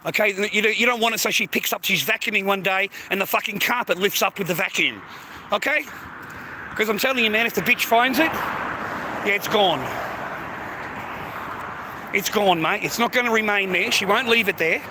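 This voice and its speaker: Man, middle-aged, blunt and swearing, fairly high bright voice, faint hiss behind. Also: fairly quick. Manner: coarse, swearing, emphatic. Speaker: vlogger giving advice to men. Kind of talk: blunt motivational monologue.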